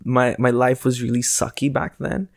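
A man's voice: mid-range voice, level tone, moderate pace, vocal fry, no echo, studio quality. A man co-hosting a casual chat, rambling and joking about himself. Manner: rambling, self-deprecating, joking.

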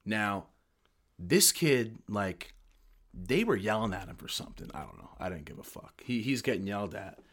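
Profane, animated army veteran man. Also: fairly low pitch, moderate pace. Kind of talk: casual podcast chat.

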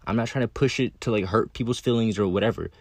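A young man speaks bluntly in a loose, rambling way, with lots of swearing, fillers and self-corrections. His voice sits a bit low. The sound is dry and close, with no room around it. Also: fast talker, no echo. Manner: blunt and profane, many fillers and restarts. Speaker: video creator. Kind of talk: casual monologue.

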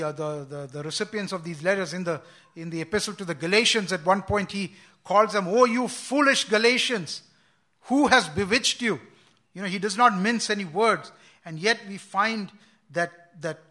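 A man's voice: sits high, pushed and bright. A man preaching a sermon, earnest and repeating words as he quotes scripture with emphasis.

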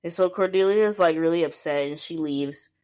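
A woman podcaster with a somewhat low voice talks through a reality show episode in loose, casual chat. She swears often and slips into quick impressions of the cast as she retells scenes. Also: darkish tone. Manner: chatty, swearing freely, acting out quotes. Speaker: podcast host recapping a show.

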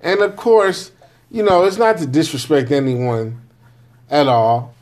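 A man's voice: on the high side, measured pace, a little mellow. A man in his forties telling a candid story about raising his children, bluntly and with frequent checks on whether the listener follows. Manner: blunt, candid storytelling with constant "right?" check-ins and profanity. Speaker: father sharing parenting views. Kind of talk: casual monologue to camera.

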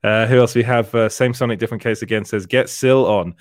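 This podcast co-host has a fairly low, steady male voice and speaks a little fast, reading the chat during a casual live stream and laughing frequently. The recording is dry and close.

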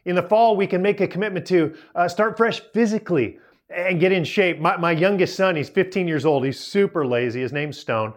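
A man in his forties, pitched a little above the usual male range, tells a story to young listeners. He is lively and self-mocking, laughing at his own mishaps as a youth speaker. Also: a little fast. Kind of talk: storytelling talk to a young audience.

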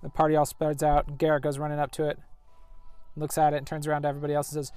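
A medium-pitched voice with fairly even intonation races along, with no echo and soft background music. A gameplay narrator chats casually through a story game, narrating the action and loosely voicing the characters' lines.

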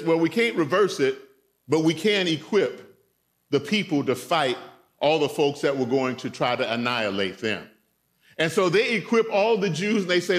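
A man preaching a sermon as a guest preacher in a church, retelling a story in a playful, animated way and calling out to the congregation. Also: a little high. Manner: animated, playful retelling with voiced characters and audience call-outs.

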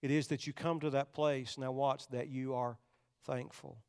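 An older man preaching a sermon, swinging between loud, urgent passages and hushed, quiet ones. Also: medium pitch, little pitch movement, normal speed, clean tone, in a large hall. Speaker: pastor.

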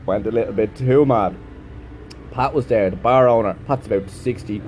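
A man's voice: medium pitch, normal speed, dark tone, slight background noise. A man who teaches English, talking in a chatty, rambling vlog monologue and swearing freely.

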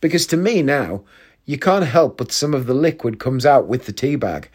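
A man's voice: mid-range voice, lively intonation, moderate pace, husky. A young man hosting a podcast, telling rambling comic stories and swearing freely. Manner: chatty, swears freely, jumps between anecdotes. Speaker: podcast host. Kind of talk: casual comedic monologue.

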